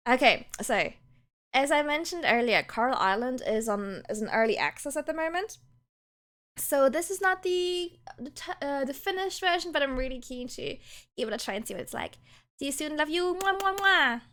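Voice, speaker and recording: A woman's voice: high voice, lively intonation, moderate pace, a bit bright. A woman streamer chatting casually with her viewers, laughing often and rambling with restarts.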